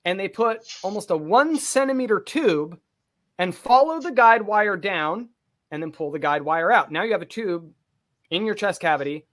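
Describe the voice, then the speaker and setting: A podcast co-host, a man whose voice sits a little higher than most. He tells a personal story casually, with plenty of swearing and colorful detail. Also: moderate pace. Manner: profane, vivid, animated storytelling.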